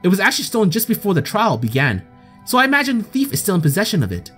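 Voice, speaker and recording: A man's voice: high-pitched, huge pitch swings, very fast, fairly bright tone, breathy edge, heavily acted. A man voicing a sly female reporter defending a case in court, with a smug, theatrical delivery. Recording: faint game music behind.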